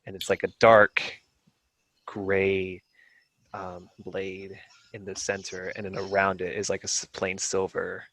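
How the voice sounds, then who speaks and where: Low-voiced rambling game master, a man. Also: completely flat delivery, a little slow, a bit bright, no echo. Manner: rambling, lots of fillers. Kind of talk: narrating a tabletop game.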